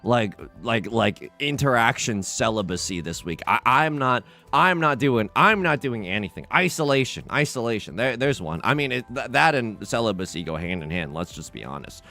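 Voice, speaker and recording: A man chats casually on a livestream, telling a rambling story with lots of false starts and cheerful swearing. His voice is bright and forward, and it swings widely in pitch as he gets animated. Quiet music plays behind him. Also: moderate pace, hardly any pauses.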